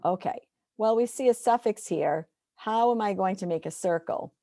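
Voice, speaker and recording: A woman's voice: mid-range voice, normal speed, warm tone, dry recording, clean studio sound. A woman teacher walking through a screen-share tutorial step by step, explaining patiently.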